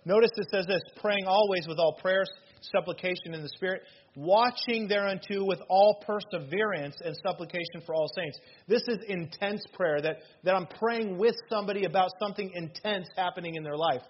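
A man in his thirties preaching a sermon as pastor, earnest and emphatic, with sudden loud bursts. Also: high voice, a little fast, breathy edge, highs cut off.

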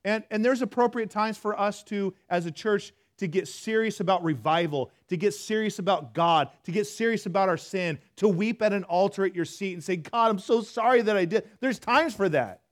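A man preaching a sermon in a church, talking to the congregation conversationally, self-deprecating, swinging from hushed to loud. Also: sits high, moderate pace, few pauses. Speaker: pastor.

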